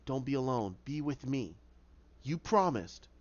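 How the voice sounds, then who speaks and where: A man playing a gentle young woman, muffled. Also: medium pitch, sing-song, measured pace, voice pushed down. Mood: tender pleading. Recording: dull lo-fi recording.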